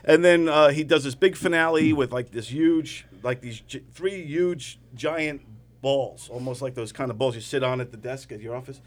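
A man's voice: medium pitch, normal speed. A man, a comedian, chatting casually, laughing often and trailing off mid-sentence. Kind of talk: casual chat with storytelling.

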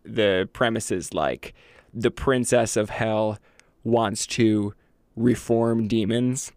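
A man's voice: on the low side, slow, a little mellow, no room sound, studio quality. A man co-hosting a podcast in casual chat, rambling and profane, with many fillers.

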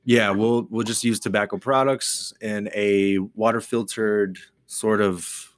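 A man's voice: on the low side, steady tone, measured pace, dry recording. A man who cuts hair, co-hosting a casual podcast in a barbershop, talking in a sarcastic, profane, playful way.

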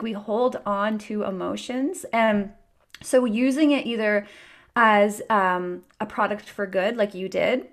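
A woman hosts a podcast in a relaxed conversation. She sounds earnest and encouraging as she talks. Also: medium pitch. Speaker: podcast host. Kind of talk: casual chat.

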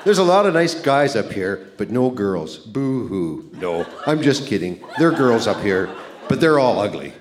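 An older man with a low voice reads his decades-old love letters to a live audience, teasing and self-mocking, often breaking into a chuckle. The stage recording carries a steady hiss behind him. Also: normal speed. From Canada. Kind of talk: reading letters aloud on stage. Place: live event centre stage.

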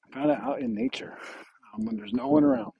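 A man's voice: very high-pitched, fast, gravelly, husky, narrow, tinny audio. A man hosting a podcast, talking outdoors at night while walking hills with a weighted vest, out of breath, earnest and rambling with restarts. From Oregon. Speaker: podcast host. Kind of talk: motivational faith talk.

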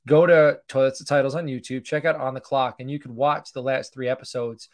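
Middle-aged guy hosting a live sports stream, chatty, shouts out viewers, medium voice. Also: mid-range voice, steady tone, fairly quick. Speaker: podcast host doing a mock draft. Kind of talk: casual livestream commentary.

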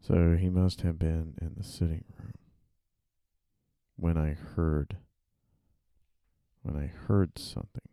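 Deep gravelly man drafting aloud. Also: fairly even intonation, slow pace, long pauses, warm tone, no room sound. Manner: muttering, rereading and correcting himself. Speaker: author. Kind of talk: thinking aloud while drafting and typing. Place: dark room at a keyboard.

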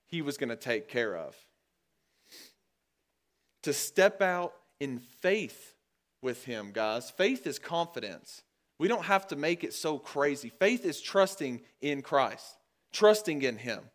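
A man preaching a sermon to his congregation in a conversational way, calling them guys and getting louder and higher when he drives a point home. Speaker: pastor. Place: church.

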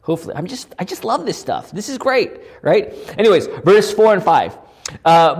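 Pastor preaching loud and fired up, keeps tossing out quick questions to the room. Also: medium pitch. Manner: animated, peppered with tag questions; loud, near-yelling delivery. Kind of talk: sermon with Bible study.

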